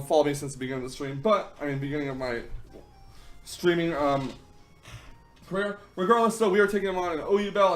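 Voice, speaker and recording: A young man hosting a gaming channel, chatting through a game battle with frequent ums and quick self-corrections. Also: a little high. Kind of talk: casual battle commentary.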